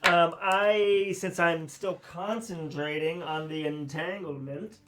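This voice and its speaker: Slow, hesitant man at a game table. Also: on the high side, steady tone, fairly bright tone. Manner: hesitant, deliberate. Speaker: player. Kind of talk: casual chat at a game table.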